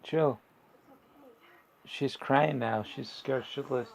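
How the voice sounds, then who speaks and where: Gravelly, rambling man recapping a show. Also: mid-range voice, measured pace, darkish tone, rough recording. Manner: rambling, slangy, sarcastic, many fillers. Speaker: video host recapping a TV episode. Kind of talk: casual recap and review.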